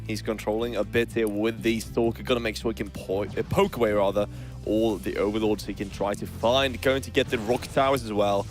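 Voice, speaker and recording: A man commentating a strategy game as a caster, easygoing and quick to laugh with his co-caster. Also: on the low side, fairly even intonation, faint music behind. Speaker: esports caster.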